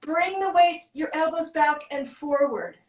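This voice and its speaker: A woman fitness coach talks someone through an arm workout with brisk, encouraging step-by-step cues. She is out of breath. Her voice is high and rings in an echoey room. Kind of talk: guiding a workout.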